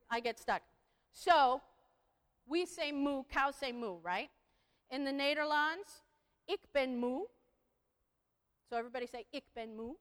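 A woman with a high, fairly bright voice gives a playful, lively talk, leading the audience in repeating phrases back to her. The recording has a long hall reverb.

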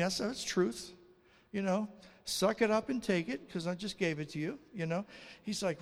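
A male pastor delivers a sermon full of stories, jumping into other people's voices as he acts out each exchange. His voice is gravelly and sits a little high, and it rings with the long reverb of a big hall. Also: normal speed. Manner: animated, acts out dialogue in raised voices. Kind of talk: sermon with storytelling.

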